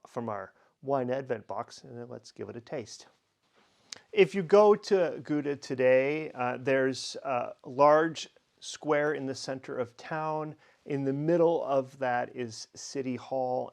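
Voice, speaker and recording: A man's voice: medium pitch, a little mellow. A middle-aged man from Minnesota, a wine educator hosting a casual tasting vlog, telling rambling, jokey stories with fillers. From Minnesota, USA.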